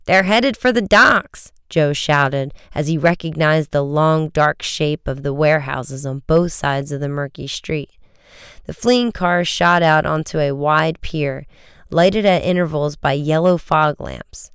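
An audiobook narrator with a very smooth, resonant voice telling an adventure story at a brisk clip. The recording is close and dry, with no room sound around it. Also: mid-range voice, fairly even intonation, no echo. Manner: brisk, vivid storytelling with raised shouts for dialogue.

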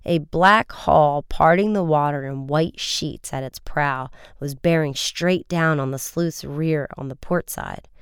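Smooth-voiced man reading a story. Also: on the high side, a bit bright, no room sound, studio quality. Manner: does quick character voices for the boys in dialogue. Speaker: audiobook reader. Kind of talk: scripted narration.

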